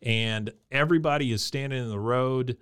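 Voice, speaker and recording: A man's voice: mid-range voice, moderate pace, fairly bright tone, clear, resonant tone. A man co-hosting a podcast, casually retelling scenes and acting out the characters' lines. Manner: retells scenes, reading out quotes in put-on voices. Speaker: podcast co-host. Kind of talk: casual recap chat.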